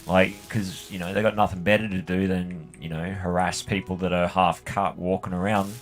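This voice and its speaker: An Australian man with a fairly low voice chats while he games. He rambles and swears freely and fills his talk with "like" and "you know". His tone stays loose and offhand. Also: little pitch movement, moderate pace, faint music behind. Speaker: gaming channel host. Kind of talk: casual storytelling while playing a game.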